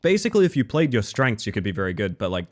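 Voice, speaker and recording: Very fast and lowish, with big swings in pitch, this Australian man chats with his stream viewers during a game. His talk is casual and rambling, sprinkled with swearing, and he frequently interrupts himself and restarts.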